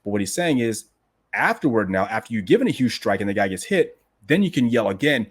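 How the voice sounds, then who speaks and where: Guy with a lowish voice reading a bit out then breaking it down, casual and emphatic, lots of "right?". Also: expressive, a little fast, breathy edge. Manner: emphatic and conversational, keeps asking "right?" and addressing "guys". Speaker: host explaining a martial arts classic. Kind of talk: reading passages aloud, then explaining them casually.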